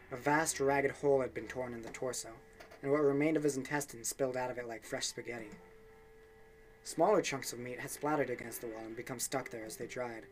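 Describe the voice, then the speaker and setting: A man's voice: mid-range voice, a little hiss or hum. A young man reading a game's story text aloud for a let's play, with offhand asides and small slips.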